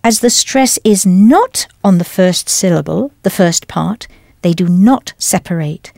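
A woman's voice: on the low side, lively intonation, measured pace, creaky, darkish tone, no room sound, studio quality. A woman teaching a scripted language lesson, enunciating carefully and prompting the listener with questions.

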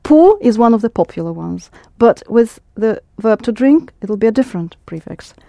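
Woman language teacher, patient, step by step, high mellow voice, dry recording. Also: big pitch swings, normal speed, gravelly, no room sound. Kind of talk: language lesson.

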